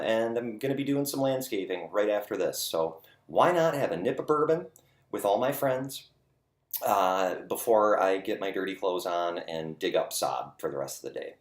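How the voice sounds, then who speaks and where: Deep-voiced man rambling to camera at home. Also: reverberant. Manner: rambling, self-deprecating, lots of "uh" fillers. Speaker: host of a home video series. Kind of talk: casual chat to camera. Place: dining nook at home.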